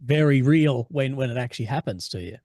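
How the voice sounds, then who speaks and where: A man's voice: mid-range voice, expressive, fairly quick, darkish tone, no room sound, clean studio sound. An Australian man hosting a podcast, bantering in a laid-back way with heavy slang and swearing. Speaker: podcast host. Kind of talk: casual chat.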